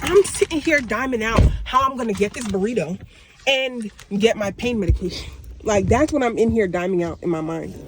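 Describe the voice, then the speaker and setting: A young woman talking candidly in a casual vlog, slangy and expressive, swearing freely. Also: on the high side, fairly quick, background noise. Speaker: vlogger.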